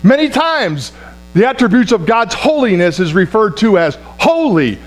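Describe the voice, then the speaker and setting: A man's voice: high voice, sing-song, normal speed. A man preaching a sermon, emphatic, repeating key words for effect, calling out to the congregation and often restarting his phrases. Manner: restarts and stumbles over words. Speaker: pastor.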